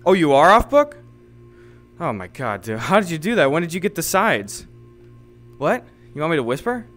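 A man streaming from home, improvising a comedy role-play in a halting, rambling way full of fillers. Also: fairly high pitch, big pitch swings, a bit bright, soft background music. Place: home streaming setup, playing in virtual reality.

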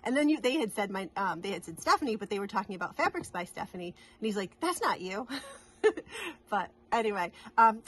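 A woman's voice: a little high, lively intonation, brisk, a bit bright. A middle-aged woman from New England, chatting casually to camera in a rambling, giggly way with many restarts. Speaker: cross-stitch vlogger.

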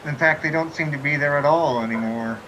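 Game master: a man with a slightly high voice and a dry, teasing style. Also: fairly quick, pushed and bright, slight background noise, rough recording. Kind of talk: narrating a tabletop game.

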